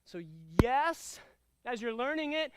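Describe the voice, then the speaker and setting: A man teaching a karate class, giving energetic commands and calling out drills and counts. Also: very high voice, slow pace, noisy background. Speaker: karate instructor. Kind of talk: martial arts class instruction.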